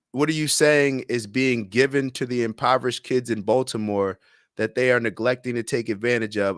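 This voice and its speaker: A young man hosts a casual livestream, reading out viewer comments and arguing back with sports comparisons. His voice sits a bit high for a man. The sound is dry and close, with no room echo. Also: a bit bright. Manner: conversational, reads viewer comments aloud; argumentative, uses sports comparisons. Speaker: livestream host.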